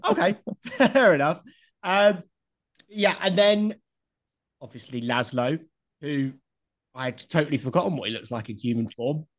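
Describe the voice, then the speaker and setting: A man's voice: on the high side, expressive, a little slow, pauses often. A man hosting a podcast in casual chat, blunt and swearing freely. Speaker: podcast host.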